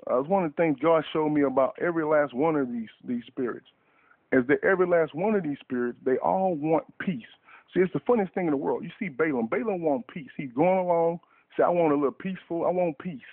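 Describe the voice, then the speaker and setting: A man with a somewhat high, gravelly and husky voice preaches a fervent sermon on talk radio. He stacks and repeats words in urgent bursts. The sound is tinny and dry, as if through a phone line. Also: brisk, no room sound.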